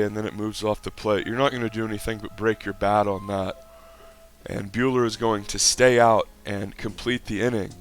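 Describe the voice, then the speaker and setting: A man with a fairly low voice calls a baseball clip like a play-by-play announcer and rants about it. His commentary is salty and exasperated, and he breaks into excited shouts. Faint music plays behind him. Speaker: online video commentator. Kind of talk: mock play-by-play commentary and rant.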